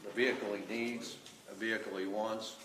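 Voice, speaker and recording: A man offers a blunt public comment at a county meeting, talking conversationally and loosely. His voice sits fairly low. He is heard from some distance in an echoey room with clear background noise. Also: level tone, normal speed, fairly bright tone. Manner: blunt, conversational, many fillers. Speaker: member of the public.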